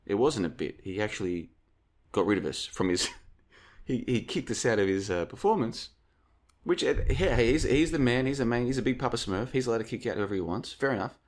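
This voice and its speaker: A man's voice: medium pitch, expressive, a little fast. A man hosting a casual commentary video, rambling through anecdotes and calling his viewers folks. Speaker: video host.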